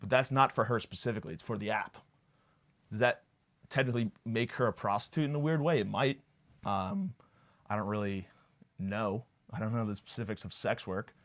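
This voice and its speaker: A man's voice: fairly low pitch, a little fast, a bit bright. A young man hosting a podcast, rambling through a profane, self-deprecating comedic monologue. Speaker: podcast host.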